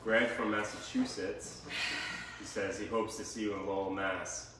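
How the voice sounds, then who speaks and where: A man co-hosting a home cooking stream, reading out viewer comments in a quick, agreeable way. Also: on the low side, fairly even intonation, fairly bright tone. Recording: distant voice in an echoey room with faint noise.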